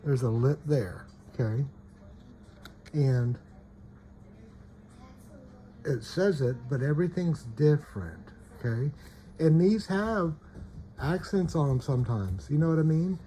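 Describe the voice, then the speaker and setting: A man's voice: fairly high pitch, lively intonation, slow pace, long pauses, warm tone, a little hiss or hum. A man casually showing trading cards, often checking "okay?" and trailing off mid-sentence. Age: adult parent. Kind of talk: casual show-and-tell.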